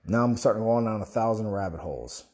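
A man's voice: lowish voice, lively intonation, quick pace, darkish tone. A young man delivering an impassioned, preachy monologue as a Christian online commentator, rambling, restarting and asking rhetorical questions.

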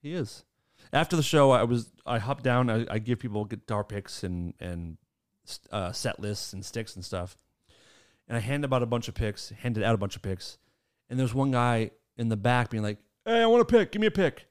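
A man hosting a casual chat, telling stories in an animated way and laughing between sentences. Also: lowish voice, moderate pace, clean tone. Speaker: podcast host.

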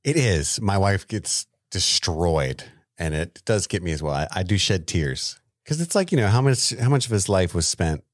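A man co-hosting a movie podcast, quick with jokes and quips. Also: deep voice, expressive, dry recording, studio quality. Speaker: podcast co-host. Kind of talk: casual movie review chat.

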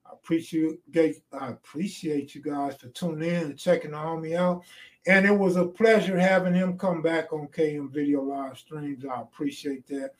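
A man hosting a livestream, closing the show with relaxed, brief casual talk. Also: fairly high pitch, moderate pace. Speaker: livestream host.

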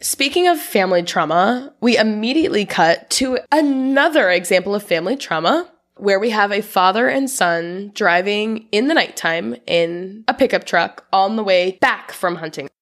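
A woman's voice: medium pitch, expressive, normal speed, hardly any pauses, fairly bright tone. Chatty woman recapping a movie. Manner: chatty, laughs often, reads from her notes. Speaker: podcast co-host. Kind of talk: casual podcast movie recap.

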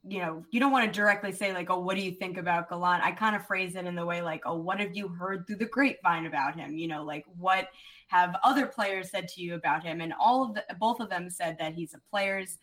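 A woman's voice: fairly low pitch, fairly quick, low-quality recording. A woman sports reporter, a podcast guest, telling stories in casual chat, laughing often and saying "like" a lot. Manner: animated storyteller, laughs often, says "like" a lot.

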